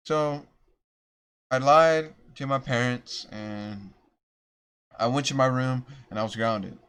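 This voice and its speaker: A man's voice: mid-range voice, slow pace, a bit bright, clear, resonant tone. A young man rambling through a storytime vlog, self-deprecating and restarting his sentences often. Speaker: vlogger.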